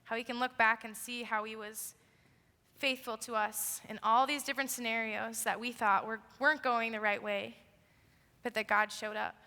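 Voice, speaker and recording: A woman's voice: on the high side, fairly even intonation, moderate pace, sharp tone. A young woman giving a youth sermon in an earnest, emphatic way, in a large hall. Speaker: youth speaker. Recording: echoey hall.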